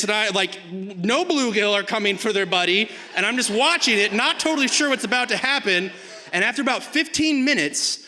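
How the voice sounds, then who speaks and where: A man telling a personal story on a live stage, animated and rambling with many fillers, swinging from hushed to shouting. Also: high voice. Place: theater stage before a live audience. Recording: hall reverb from a live stage.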